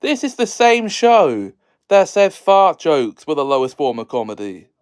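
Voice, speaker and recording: A man's voice: a little high, sing-song, measured pace, clean tone. A man hosting a casual solo video, jokey and sarcastic, laughing often between lines. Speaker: video host.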